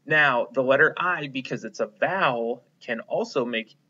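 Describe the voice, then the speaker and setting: A man teaching a phonics lesson to young children, slowly prompting them to repeat words and praising them. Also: medium pitch, pushed and bright, dull audio. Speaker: kindergarten teacher.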